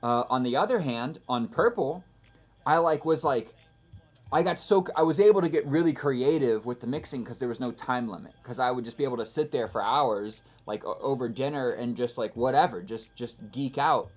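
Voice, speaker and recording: A man's voice: mid-range voice, moderate pace. Male musician, loose rambling commentary, pokes fun at himself, faint music bed behind. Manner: rambling, self-deprecating, lots of fillers and restarts. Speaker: musician giving album commentary. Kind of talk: casual spoken commentary. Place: recording studio.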